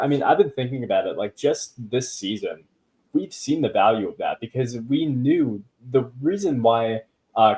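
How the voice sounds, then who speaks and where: Male podcast host, lowish voice, loose rambling delivery, lots of fillers and asides. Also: a little mellow. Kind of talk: casual chat.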